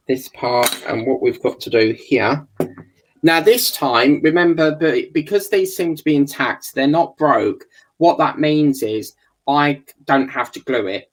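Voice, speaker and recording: A man with a gravelly voice, chatting casually while building a scale model kit and muttering and swearing under his breath. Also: mid-range voice, a little slow, a little hiss or hum, poor audio. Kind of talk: casual build video chat.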